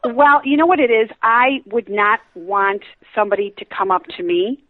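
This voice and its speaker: A woman's voice: fairly high pitch, animated, normal speed, crowd noise. Chatty woman on a tinny phone line. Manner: chatty, many fillers, says "I says". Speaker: psychic medium guest. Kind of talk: storytelling, casual chat. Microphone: telephone. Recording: narrow phone-line audio, dry.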